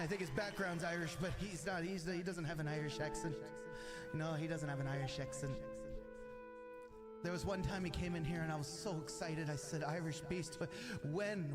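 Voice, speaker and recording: Hyped streamer dude yelling and swearing, repeats himself a lot, high voice, music blasting behind. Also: male voice. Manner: loud, revved-up, profane, repeats himself. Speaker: streamer hosting an initiation. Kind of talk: hyped live-stream monologue. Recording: clip with loud music behind.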